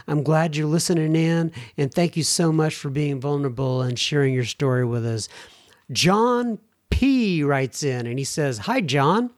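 A man's voice: a little high, a little mellow, dry recording, studio quality. A man hosting a podcast, reading listener emails aloud and adding chatty, rambling asides. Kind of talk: casual chat.

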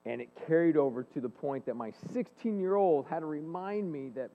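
A man in his forties giving an earnest, animated faith-based talk, telling personal stories to an audience in a large hall. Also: a little high, a little fast. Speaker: speaker and leadership coach. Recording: long hall reverb, phone-like band.

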